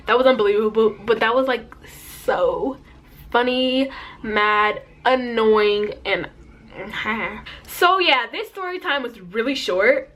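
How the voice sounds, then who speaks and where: A teenage girl telling an animated, slangy storytime, putting on voices for the people in it. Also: a little high, measured pace. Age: teens. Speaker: vlogger. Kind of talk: storytime vlog.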